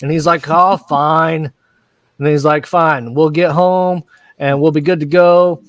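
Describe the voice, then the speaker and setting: A man's voice: fairly high pitch, fairly even intonation, measured pace, dry recording. A man hosting a casual recap, retelling scenes with crude jokes and quoted lines. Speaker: recap host.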